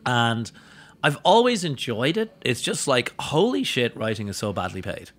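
A man talking as a guest in a casual podcast chat, an animated storyteller whose voice leaps up in pitch when he acts out other people. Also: moderate pace. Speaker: guest, drinks educator and writer. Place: studio table with bottles and glasses.

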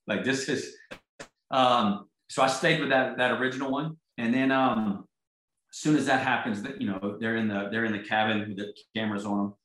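A man's voice: mid-range voice, steady tone, fairly quick, a bit bright, echoey room, poor audio. A man, a golf champion, telling a story casually with lots of fillers and restarts. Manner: rambling, full of fillers and restarts.

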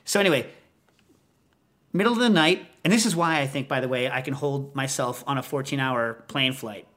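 A man hosting a podcast, telling a rambling, animated story in casual chat. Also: medium pitch. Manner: rambling, animated, lots of fillers. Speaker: podcast host.

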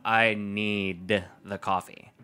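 A man co-hosting a food podcast, chatting in a rambling, animated way. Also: fairly low pitch, slow pace, clean tone. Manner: rambling, animated, restarts sentences. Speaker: podcast co-host. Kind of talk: casual chat.

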